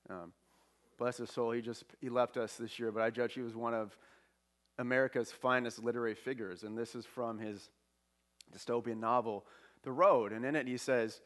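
A man's voice: medium pitch, fairly even intonation, moderate pace. A man giving a spiritual talk at a church service, conversational and self-deprecating with humor.

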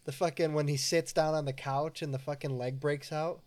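A man's voice: fairly high pitch, fairly even intonation, moderate pace, darkish tone. Laid-back man, casual swearing. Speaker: podcast co-host. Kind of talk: casual chat.

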